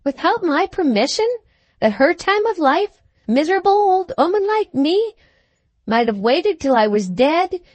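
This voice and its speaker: A woman voicing a timid, fussy old lady with a shrill, trembling voice in a storybook reading. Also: very animated, a little slow, hardly any pauses, dry recording. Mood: indignant.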